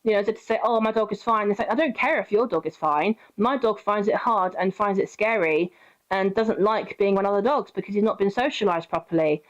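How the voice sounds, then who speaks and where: A woman's voice: mid-range voice, brisk, lo-fi sound. A woman streaming a game, telling a story in casual chat, swearing freely and answering her chat.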